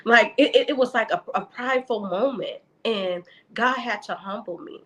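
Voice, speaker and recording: A woman's voice: a little high, moderate pace, fairly bright tone, low-quality recording. A woman guest talking earnestly and openly about faith and caring for her mother, often repeating words as she searches for them. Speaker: podcast guest. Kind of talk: casual faith conversation.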